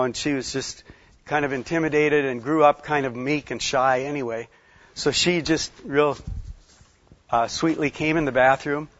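A man's voice: medium pitch, a bit bright, no echo. A man, giving a conversational sermon as a folksy, rambling storyteller with many fillers. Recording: slightly dull lo-fi sound.

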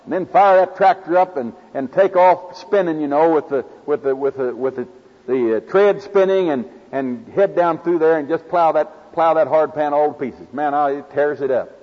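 A man's voice: a little high, normal speed. A man with an Oklahoma accent preaching a sermon in a folksy, homespun way, drawing on farm stories. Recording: dull lo-fi recording in a reverberant hall.

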